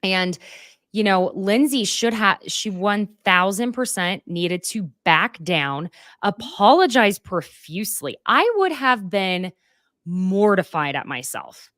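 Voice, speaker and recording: A woman podcast host with a mid-pitched voice and a dry, close sound. She talks frankly and animatedly, acting out what people said in a casual chat. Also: takes it slowly, no echo. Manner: animated, frank, acts out quotes.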